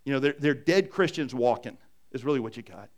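A man's voice: mid-range voice, lively intonation, brisk. An older man, a pastor with grandchildren, preaching a sermon in a conversational way with frequent restarts.

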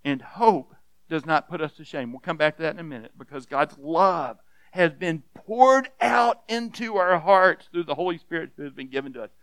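A man preaching a sermon as pastor, earnest and emphatic, often restarting with repeated words and dropping to a hush on key points. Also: a little high, lively intonation, normal speed, clean tone, no echo. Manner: earnest, repeats words when restarting, swings between loud emphasis and hushed softness.

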